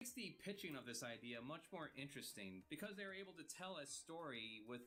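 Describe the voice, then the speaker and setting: A man's voice: on the high side, animated, a little fast, sharp tone, faint music behind. A man hosting his own channel, giving sarcastic, profane commentary while he makes art. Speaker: channel host. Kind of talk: commentary over art making.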